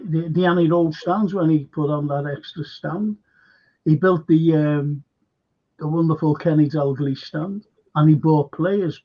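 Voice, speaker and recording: An older man hosting a casual fan podcast, rambling, animated and swearing a lot. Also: on the high side, gravelly, breathy edge. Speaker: host. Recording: dull lo-fi call audio.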